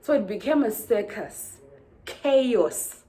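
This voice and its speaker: A woman from Zimbabwe, telling a storytime vlog in an animated way and acting out the dialogue. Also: on the high side, takes it slowly. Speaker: vlogger.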